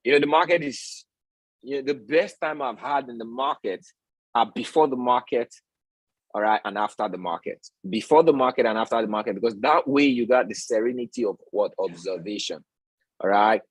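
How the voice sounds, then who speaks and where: A man teaching trading on a livestream preaches his points, repeatedly tagging them with "all right?" and asking the audience rhetorical questions. His voice is medium-pitched and husky at a normal speed. The recording is dry and low-quality.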